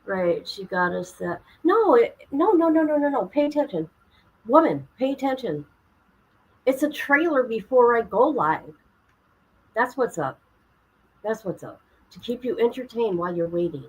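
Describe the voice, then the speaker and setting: A woman's voice: on the high side, big pitch swings, moderate pace, husky, poor audio. A woman hosting her own livestream, chatting casually and greeting viewers by name while she fumbles with her setup. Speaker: livestream host.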